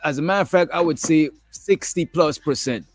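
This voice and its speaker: A man's voice: on the high side, fairly quick, no echo, soft background music. A man hosting a casual talk show, speaking emphatically and peppering his points with "bro". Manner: emphatic, keeps adding "bro". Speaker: host. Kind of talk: casual chat. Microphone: streaming call mic.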